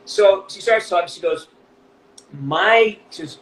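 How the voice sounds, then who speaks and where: A man's voice: high voice, fairly bright tone. Emotional man telling a story in an echoey room. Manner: emotional, swears freely, halting restarts. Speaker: voice actor guest. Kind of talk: casual storytelling interview. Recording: echoey room with faint background noise.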